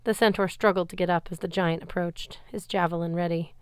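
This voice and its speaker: A woman's voice: fairly low pitch, steady tone, a little fast, smooth, no room sound. A woman reading a novel aloud, telling the story expressively in first person. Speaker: reader.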